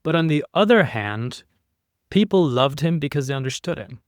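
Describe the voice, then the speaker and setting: A man talking as a podcast guest in a relaxed, conversational way, acting out his points by shifting his voice up and down. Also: a little high, moderate pace, dry recording, studio quality. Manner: animated, demonstrates inflection by playing with his voice. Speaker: podcast guest, keynote speaker.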